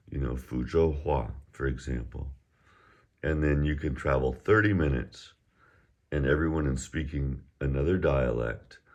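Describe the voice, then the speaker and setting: Male tutor, very low and unhurried, relaxed lesson patter with casual asides. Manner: easygoing, drills words slowly and repeats them. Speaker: Chinese teacher. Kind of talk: recorded language lesson.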